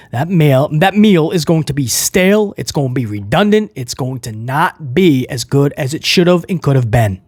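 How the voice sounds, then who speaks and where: A man's voice: high voice, dry recording, clean studio sound. A man reviewing a wrestling show, ranting with frustration in an emphatic, opinionated way.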